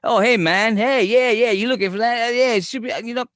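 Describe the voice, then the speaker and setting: A man voicing a brash male hardware store clerk with a thick Boston accent, pitched well above his own voice. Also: fairly even intonation, fast talker, fairly bright tone, dry recording, studio quality. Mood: chummy.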